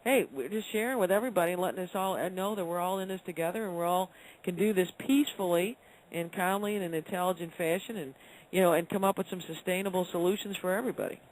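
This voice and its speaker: Earnest male caller, slightly higher voice, loose rambling delivery over faint line noise. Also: fast talker, poor audio. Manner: rambling, earnest, many fillers. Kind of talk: casual call-in chat.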